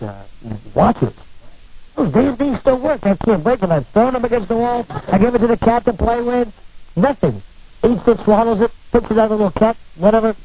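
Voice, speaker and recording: A male talk radio host in his studio, brash and teasing as he rambles on. His voice sits high. The sound is thin and narrow, like a broadcast heard over a phone line. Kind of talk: irreverent radio banter.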